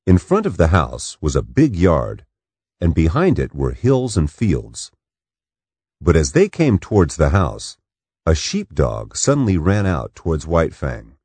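A man narrating an audiobook in a slow, expressive storytelling manner. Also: rumbling low, slightly rough, no echo.

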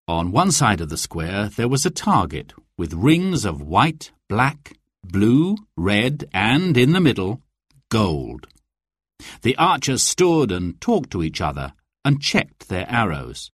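A man narrating a storybook slowly and carefully, his pitch swinging widely to bring the story to life. His voice is a little husky. The recording is close and dry, with no room sound. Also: no echo. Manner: expressive, with clear, careful delivery.

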